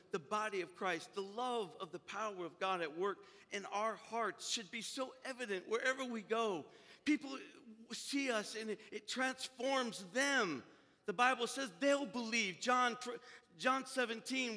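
A male pastor with a high, very bright, ringing voice. He tells a story and plays each person in it, then builds into forceful preaching. His voice carries a long reverb, as in a big church hall. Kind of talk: sermon. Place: church sanctuary.

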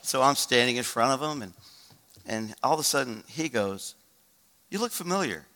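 A male pastor preaching a sermon, telling a story with animated delivery and acting out the people he quotes. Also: medium pitch, normal speed, in a large hall. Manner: animated storyteller who acts out quoted voices.

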